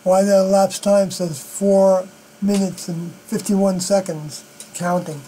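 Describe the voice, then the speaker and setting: Halting high-voiced man streaming alone. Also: flat delivery, warm tone, poor audio. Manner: halting, many fillers and unfinished sentences. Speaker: live stream host. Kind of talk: rambling solo live stream monologue. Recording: mains hum behind the voice.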